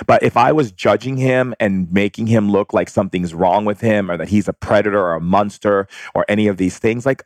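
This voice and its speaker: Male advice speaker: lowish voice, frank and direct, dry close sound, stories told with quoted dialogue. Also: no echo. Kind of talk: casual advice monologue with personal stories.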